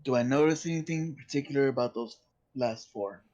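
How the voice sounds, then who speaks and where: A man playing in a tabletop game, speaking in a hesitant, halting way with restarts. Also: medium pitch, darkish tone, muffled recording. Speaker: player. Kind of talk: casual chat at a tabletop game.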